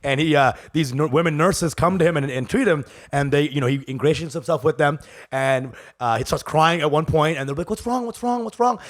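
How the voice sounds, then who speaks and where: A man's voice: fairly high pitch, fairly quick. A man co-hosting a comedy podcast, telling crude stories in a rambling, restart-filled way. He grew up in Texas. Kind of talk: casual comedic podcast banter.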